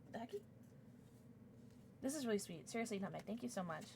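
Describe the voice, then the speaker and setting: A young woman livestreaming from home speaks in a medium-pitched, expressive, gravelly voice against a noisy background. The chat is casual and she gushes over gifts and viewers, bubbly, with quick swings into squeals and mumbles.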